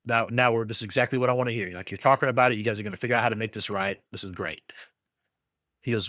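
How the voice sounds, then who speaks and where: Middle-aged guy venting about bad customer service, lowish voice, dry close mic, keeps restarting when he gets worked up. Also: racing, no echo. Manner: animated ranting storyteller, acts out both sides. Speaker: podcast co-host. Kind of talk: casual chat.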